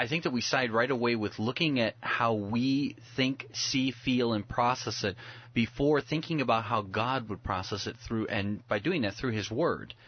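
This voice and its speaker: A man's voice: medium pitch, slightly rough, no echo, lo-fi sound. A man speaking as a pastor, explaining scripture earnestly in a conversational preaching style. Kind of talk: preaching on a talk show.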